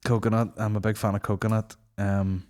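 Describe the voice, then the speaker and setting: A man hosting a podcast, swearing through animated, casual banter. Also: lowish voice, a little fast. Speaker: podcast host. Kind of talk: casual chat.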